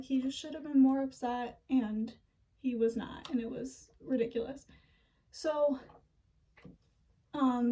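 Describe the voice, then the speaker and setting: A woman's voice: sits high, distant mic, poor audio. Chatty young woman recapping a movie. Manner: chatty, filler-heavy, animated retelling. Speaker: movie reviewer.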